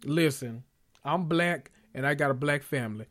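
A man hosting a casual recap, animated and joking, with frequent profanity. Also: a little high, normal speed. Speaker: podcast host recapping a TV episode. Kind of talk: casual chat.

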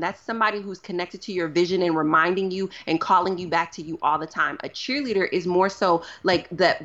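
A woman speaking as a guest in a casual interview, animated and full of "like" fillers. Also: on the low side, lo-fi sound. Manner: animated, uses many fillers like "like".

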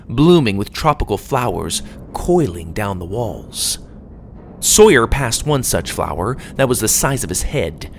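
A man narrating a children's adventure story aloud, reading expressively. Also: slight background noise. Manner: expressive read-aloud with lively pitch.

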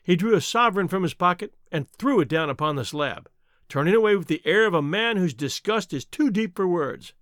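A man narrating a classic detective story in a measured storytelling manner. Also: high-pitched, expressive, a bit bright, no room sound, clean studio sound. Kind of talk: scripted audiobook narration.

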